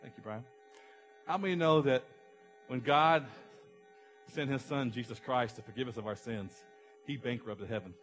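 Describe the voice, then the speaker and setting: A man's voice: mid-range voice, moderate pace, long pauses, a bit bright, soft background music. A middle-aged man preaching a passionate sermon as a pastor, acting out an illustration with someone from the congregation.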